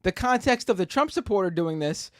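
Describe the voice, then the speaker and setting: A man co-hosting a live-streamed political talk show, reacting to clips with quick asides and frequent laughter. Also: high-pitched, lively intonation, no room sound, studio quality. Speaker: podcast co-host. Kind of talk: casual live-stream commentary.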